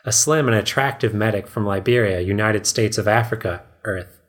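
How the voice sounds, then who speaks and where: Guy reading a story aloud on a podcast, steady, chuckles here and there. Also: fairly low pitch, moderate pace. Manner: steady reading, laughs between passages. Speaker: host, narrator.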